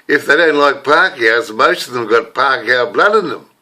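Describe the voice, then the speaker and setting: A man's voice: mid-range voice, lively intonation, moderate pace, bright, forceful tone. An older man with a New Zealand accent, talking to camera in a rambling, casual monologue full of restarts. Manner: rambling, many restarts and fillers. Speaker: self-styled preacher and video blogger.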